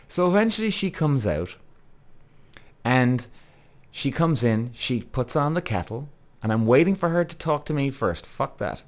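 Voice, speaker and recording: A man's voice: medium pitch, big pitch swings, a little slow. A man in his thirties tells a story on his own podcast in a loose, conversational monologue. He is blunt and swears freely. He keeps turning to the listeners with direct asides. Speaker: podcast host.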